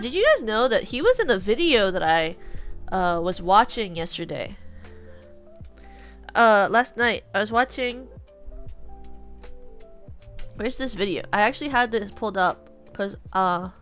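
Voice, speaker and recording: A young VTuber streamer with a West Coast American accent talks casually in a mid-range voice with a fairly bright tone. Her chat meanders, filled with fillers and restarts.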